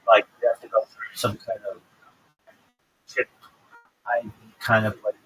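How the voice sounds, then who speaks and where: A man chatting casually and giving a hesitant, halting opinion. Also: on the low side, monotone, fairly bright tone, slightly rough, rough recording. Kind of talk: casual chat.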